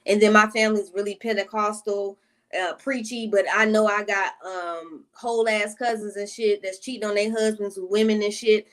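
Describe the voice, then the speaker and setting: A woman's voice: medium pitch, steady tone, normal speed. A woman vlogger telling a personal storytime in casual, profane talk that keeps drifting into side tangents aimed at her viewers.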